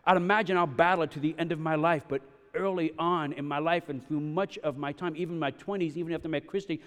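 High-voiced preacher in a reverberant hall. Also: male voice. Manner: emphatic, swings between loud and hushed, asks "yes?" and "right?". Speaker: pastor. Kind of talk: sermon.

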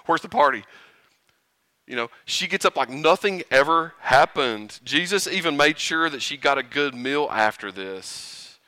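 A man preaching a sermon, animated and often chuckling, building to rhetorical questions. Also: on the high side, measured pace, few pauses, no room sound, studio quality.

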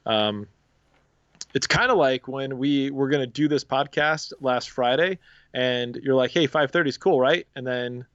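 A man co-hosting a casual faith podcast, talking in a relaxed, reflective, rambling way. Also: medium pitch, measured pace, smooth, no room sound, highs cut off. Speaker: podcast co-host.

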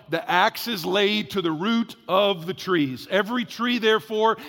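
A man's voice: high-pitched, creaky, pushed and bright, in a large hall. A man preaching a sermon as pastor, in a conversational, emphatic way, stretching out key words. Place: church.

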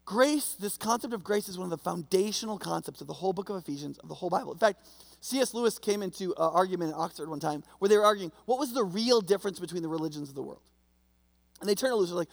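A man's voice: sits high, animated, very fast, creaky, big-room sound. A man preaching a sermon as pastor, conversational and storytelling, often checking in with his listeners.

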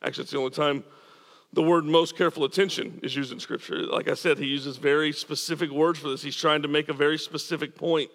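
A man's voice: fairly high pitch, steady tone, quick pace, a bit bright, long reverb tail. A man preaching a sermon as pastor, earnest and emphatic, repeating words as he drives points home. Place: church.

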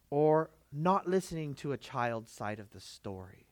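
Male preacher of Filipino background, emphatic sermon delivery, slightly high voice, dry close sound. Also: big pitch swings, measured pace, hardly any pauses, dry recording. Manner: emphatic, rhetorical questions to the congregation. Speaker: pastor.

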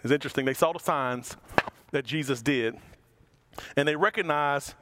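Animated man preaching a lively sermon. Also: moderate pace, a little hiss or hum. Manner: animated, acts out quoted voices, big swings in pitch and loudness. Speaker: pastor.

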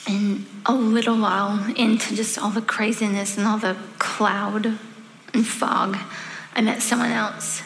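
An earnest woman shares a painful personal testimony. She talks in halting runs and often drops into a breathy near-whisper. Her voice trails into a long reverb over a faint hiss. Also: medium pitch, level tone, fairly bright tone. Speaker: guest sharing her testimony.

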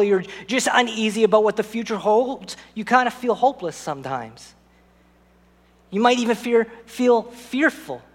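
A man's voice: sits high, a bit bright, in a large hall. A man preaching a sermon as pastor, telling a personal story and speaking directly to the congregation.

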